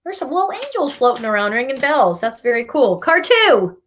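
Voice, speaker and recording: A woman's voice: sits high, very animated, normal speed, a bit bright, a little hiss or hum. A woman hosting a live card reading, talking emphatically and scolding her viewers with laughter in between. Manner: emphatic, scolding, tough-love delivery with laughs. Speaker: spiritual reader and meditation host.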